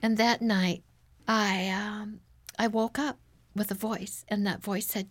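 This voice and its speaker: A woman's voice: mid-range voice, steady tone, takes it slowly, dry recording. A woman guest on an interview, telling her life story in an earnest, emotional way. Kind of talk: personal testimony in an interview.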